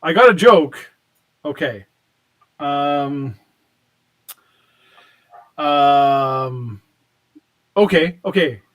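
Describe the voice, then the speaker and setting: A man's voice: fairly high pitch, expressive, very slow, long pauses, fairly bright tone. A man co-hosting a casual podcast, telling a long joke in a rambling way with many fillers. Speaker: podcast co-host.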